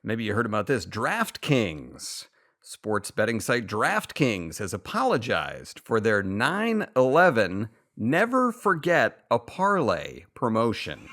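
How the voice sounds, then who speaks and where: A man's voice: fairly low pitch, slow pace. A man co-hosting a comedy podcast, reading topical joke headlines and laughing at his own punchlines. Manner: lively up-and-down delivery. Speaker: podcast co-host.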